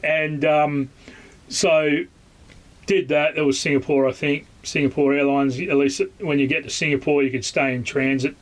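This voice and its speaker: A man with an Australian accent recounts a story in a loose, casual way. He restarts sentences often and fills pauses with ums and uhs. His voice sits a little on the high side. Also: steady tone. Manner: rambling, with many fillers and restarts. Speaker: vlogger.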